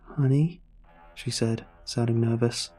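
A man narrating a horror story in a measured, suspenseful way. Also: medium pitch, dark tone, breathy edge, faint music behind.

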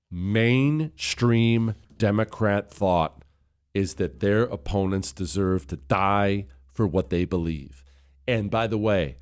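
A man's voice: fairly low pitch, darkish tone. A male radio talk show host delivering a heated political monologue into a studio microphone, indignant and mocking.

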